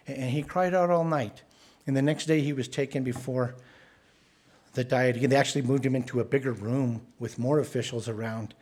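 A man's voice: mid-range voice, normal speed, a little mellow, husky. A man preaching a sermon in an earnest, conversational way, often restarting his words.

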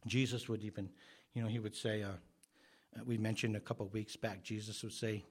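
A man preaching a sermon as pastor, earnest and emphatic, growing louder on the words he stresses. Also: lowish voice, flat delivery, normal speed, slightly rough.

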